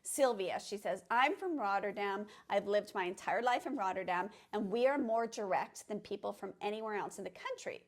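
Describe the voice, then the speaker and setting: A woman co-hosting a casual chat, animated and quick to laugh, often exclaiming in shock. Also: medium pitch. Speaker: co-host.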